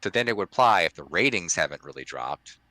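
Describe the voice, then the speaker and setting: A man with a very deep, bright voice talks casually as a podcast co-host. He rambles, restarting his sentences and leaning on fillers. The sound is close and dry. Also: animated, quick pace, no echo. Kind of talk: casual chat.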